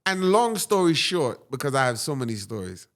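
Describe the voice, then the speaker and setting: A man, a guest on an interview show, telling a personal story with dramatic, animated delivery and frequent "right?"s. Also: mid-range voice, normal speed.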